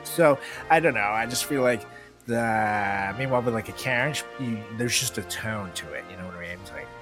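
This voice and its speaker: A man's voice: lowish voice, fairly quick, music in the background. A man co-hosting a comedy podcast, chatting casually and rambling with lots of fillers and "you know what I mean". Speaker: podcast co-host.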